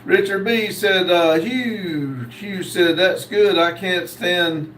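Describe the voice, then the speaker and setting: A man hosting a live stream, reading viewer comments aloud and answering them, with many pauses and fillers. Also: sits high, a bit bright, reverberant, recorded from a distance, a little hiss or hum, rough recording. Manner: slow, reads comments aloud with many uhs. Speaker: host reading live chat. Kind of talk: casual live stream chat.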